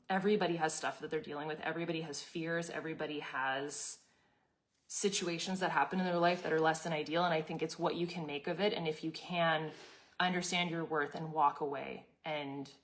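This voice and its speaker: A woman in her thirties with a lowish voice hosts a live community session. She gives a casual motivational talk, chatting candidly and restarting her sentences often.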